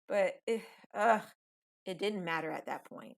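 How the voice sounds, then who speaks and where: A woman's voice: medium pitch, measured pace, creaky. A woman telling a comic first-person story on her podcast, emphatic and profane, talking straight to her listeners. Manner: animated, emphatic, profane, addresses listeners as "y'all".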